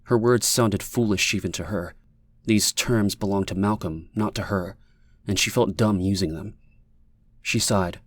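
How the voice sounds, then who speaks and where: A man reading an audiobook in a measured, even manner, as the narrator. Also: on the low side, no echo. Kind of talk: scripted narration.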